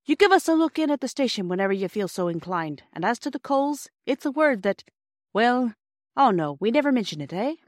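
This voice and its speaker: A woman's voice: a little high, big pitch swings, fairly quick, dry recording, clean studio sound, voice pushed up. A woman doing a folksy old station master. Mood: friendly. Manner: hesitant, folksy. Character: friendly gruff male station master. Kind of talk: audiobook reading.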